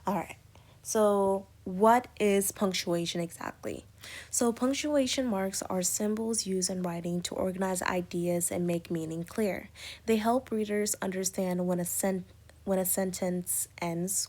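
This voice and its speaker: Lady teacher with a lowish voice going over punctuation, lots of ums and examples. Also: a little mellow. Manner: explains slowly with many examples, fillers like "um" and "like". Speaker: English teacher. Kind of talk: recorded lecture on punctuation.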